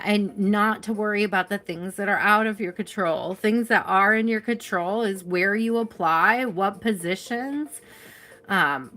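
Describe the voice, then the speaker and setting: A woman hosting a live tarot reading, giving a spiritual pep talk to her viewers in a tired, encouraging way. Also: medium pitch. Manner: warm encouraging, spiritual pep talk, reads names from chat; tired, yawning. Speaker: tarot reader.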